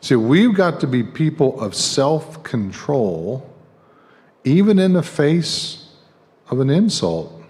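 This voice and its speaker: Animated middle-aged preacher in echoing church. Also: male voice, on the high side. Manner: conversational, joking asides to the congregation. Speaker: guest preacher. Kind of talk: sermon. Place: church sanctuary. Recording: long church hall reverb.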